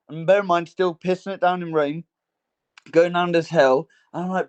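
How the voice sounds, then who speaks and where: Rambling young man, higher voice. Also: normal speed. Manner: rambling storyteller, many fillers and restarts. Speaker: podcast co-host. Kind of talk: casual chat.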